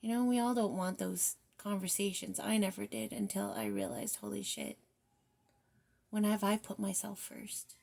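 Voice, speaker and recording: A woman giving a spiritual guidance card reading, soft and reflective, often slipping into near-whispers and casual, mildly profane phrasing. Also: mid-range voice, lively intonation, moderate pace, vocal fry. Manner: casual, with mild swearing. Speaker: tarot reader.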